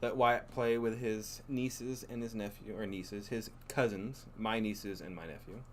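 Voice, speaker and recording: A man's voice: fairly low pitch, steady tone, unhurried, a little hiss or hum. A man co-hosting a casual live stream from home, chatty and teasing. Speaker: co-host.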